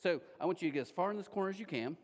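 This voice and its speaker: A male pastor preaching a sermon in an animated, joking way, acting scenes out with a volunteer in a church auditorium. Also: sits high, rapid-fire. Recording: long reverb of a large church hall.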